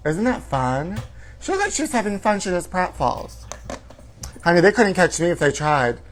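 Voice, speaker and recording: A man hosting a comedy show, telling a campy, theatrical story, calling his listeners honey and breaking into shouted quotes. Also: high-pitched, sing-song, normal speed, a little hiss or hum, low-quality recording.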